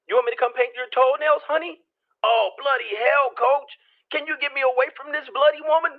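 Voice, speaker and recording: A man's voice: fairly even intonation, a little fast. A man doing a whiny prince over a phone. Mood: exasperated. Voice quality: strained, high and grumbling. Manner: exasperated complaining, sarcastic asides. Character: whiny fed-up young British prince, man. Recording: tinny phone line.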